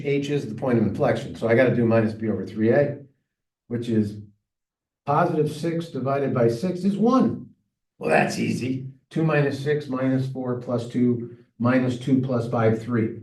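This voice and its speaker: A man's voice: medium pitch, moderate pace, a little mellow. A male math teacher working through problems aloud in a recorded lesson, chatty and talking to himself as he solves. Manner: thinking aloud, chatty and self-talking while solving. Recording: echoey room, mic far off.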